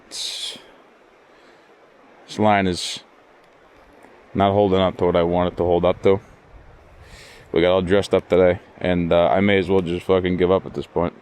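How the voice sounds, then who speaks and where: A man's voice: deep voice, flat delivery, normal speed, long pauses, a little mellow, clean tone. A man vlogging while fishing outdoors, muttering frustrated, profane commentary to himself. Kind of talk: casual solo commentary. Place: outdoors by cold water.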